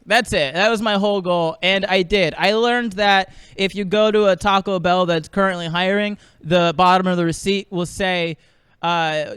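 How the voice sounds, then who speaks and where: High-voiced comic, rambling. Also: male voice, moderate pace, fairly bright tone, clear, resonant tone, dry recording. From American South. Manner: rambling, laughs at own jokes. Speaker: stand-up comedian. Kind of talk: stand-up comedy set. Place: small streaming studio.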